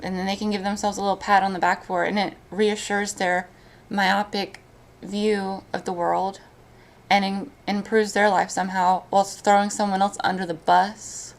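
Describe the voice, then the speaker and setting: A woman talking on a live stream in casual chat, speaking emotionally, with halting restarts. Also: medium pitch, little pitch movement.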